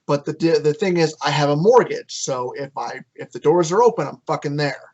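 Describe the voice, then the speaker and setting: A man co-hosting a casual podcast, joking and cursing, with many ums and halting restarts. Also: fairly high pitch, darkish tone, lo-fi sound. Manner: joking, profane, halting with fillers. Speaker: podcast co-host.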